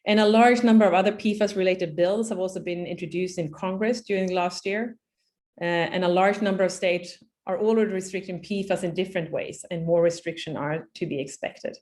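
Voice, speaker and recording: Woman presenting policy slides, measured. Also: lowish voice, steady tone, a little mellow. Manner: measured, with frequent fillers and restarts. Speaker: policy speaker at a webinar. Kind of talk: presenting slides in an online webinar.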